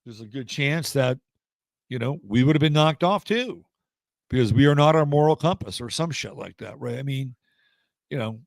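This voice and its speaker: A man's voice: mid-range voice, lively intonation, normal speed, gravelly, dry recording, studio quality. A man commenting on sports through astrology in casual talk-show debate, rambling and blunt with frequent hesitations. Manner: rambling, hesitant with many fillers and restarts, blunt.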